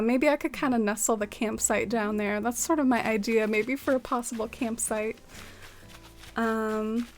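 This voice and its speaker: A young woman streaming a game and chatting casually with viewers, filling her talk with "like" and "um" and laughing often. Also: on the high side. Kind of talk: casual gameplay chat with viewers.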